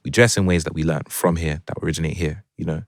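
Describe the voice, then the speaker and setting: A young man speaks in a low voice, with a London accent touched by a Jamaican twang. He talks in a laid-back, reflective way, often checking in with his listener. The sound is dry and close. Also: fairly even intonation, fast talker, no echo. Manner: reflective, laid-back, heavy with filler phrases. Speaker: guest musician. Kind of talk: casual conversation.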